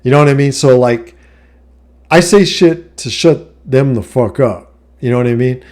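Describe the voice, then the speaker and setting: In a medium-pitched, darkish voice at a moderate pace, a middle-aged man delivers a casual monologue to camera as a life-advice vlogger. He speaks bluntly about his life, swears frequently, and keeps asking "you know what I mean" after nearly every point.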